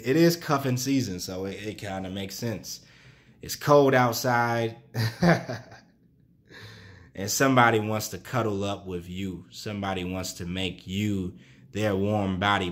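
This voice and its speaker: A man's voice: fairly low pitch, fairly bright tone. A young man giving a casual, chatty tarot reading, loose and full of fillers and asides. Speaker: tarot reader.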